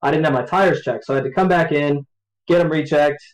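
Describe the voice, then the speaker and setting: A man recounts his race in a loose, rambling way, often breaking into laughter. His voice sits a little high. He sounds easy and unhurried. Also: poor audio. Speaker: race driver. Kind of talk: post-race interview.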